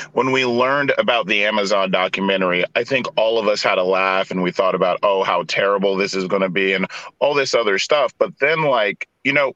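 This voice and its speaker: A man with a bright, forceful voice hosts a podcast chat. He steers the others with questions and thinks aloud about the topic. His voice sounds dry and close to the mic. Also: on the low side, no room sound, highs cut off. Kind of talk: casual chat.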